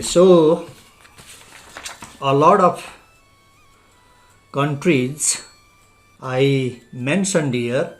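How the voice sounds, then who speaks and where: A man from Nepal with a Nepali accent teaching an English lesson, spelling words out letter by letter in a methodical way. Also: medium pitch. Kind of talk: spoken language lesson.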